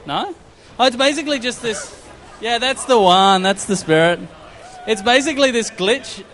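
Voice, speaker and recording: A man co-hosting live stage banter, teasing his co-panelists in a playful way and quick to laugh. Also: very high-pitched, lively intonation, a bit bright, some chatter behind. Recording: live stage mic with faint ambience.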